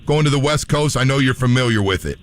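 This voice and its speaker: Rambling radio host asking questions. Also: male voice, mid-range voice, quick pace. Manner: rambling questions with many fillers. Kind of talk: radio interview.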